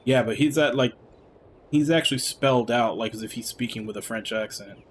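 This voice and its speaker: A man's voice: medium pitch, brisk, slight background noise. A man streaming a game, musing aloud in casual commentary as he plans his next moves.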